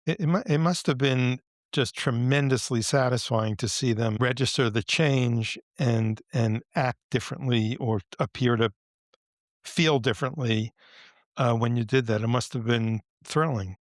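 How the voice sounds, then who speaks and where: A man's voice: medium pitch, a little slow, dry recording, clean studio sound. A man hosting a podcast, asking encouraging follow-up questions in an interview. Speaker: podcast host.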